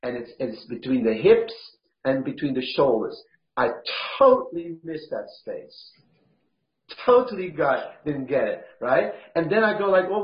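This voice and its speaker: A man shares his experience on a group call, stumbling and filling pauses as he goes. He sounds like he is in an echoey room. The audio is dull and lo-fi. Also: medium pitch. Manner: rambling, halting, many fillers. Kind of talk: casual sharing. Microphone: video call.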